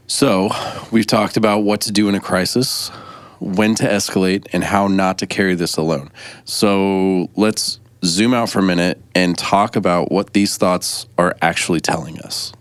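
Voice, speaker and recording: A man's voice: sits low, no room sound. A man co-hosting a podcast, moving the conversation from one topic to the next. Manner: steering, moves the talk along to the next topic. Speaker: podcast co-host. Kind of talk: casual faith-based discussion.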